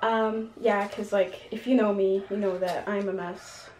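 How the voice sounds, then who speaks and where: A young New York woman doing a mukbang vlog chats casually while she eats, dropping lots of "um"s and "like"s, her voice a little shaky from hunger. She speaks at medium pitch with fairly even intonation, a measured pace and a darkish tone. The room is echoey, with faint noise.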